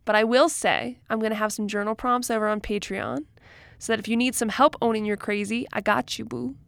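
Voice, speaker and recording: Female solo podcast host, encouraging and playful, a little high-pitched, recorded dry. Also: steady tone, a little fast, gravelly, no room sound. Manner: warm encouraging, laughs often, playful asides. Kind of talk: solo self-help podcast pep talk.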